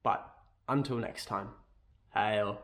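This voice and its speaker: In a football fan vlog, a young Australian guy shares offhand views, wandering off track, fixing what he just said, and tossing in "right?" again and again. He speaks in a mid-range voice at a moderate pace.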